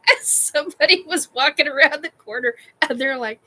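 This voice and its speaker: A woman's voice: high-pitched, big pitch swings, moderate pace, pauses often, pushed and bright, low-quality recording. A woman hosting a casual chat show, telling a funny personal story in a candid, blunt way and laughing often. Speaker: podcast host.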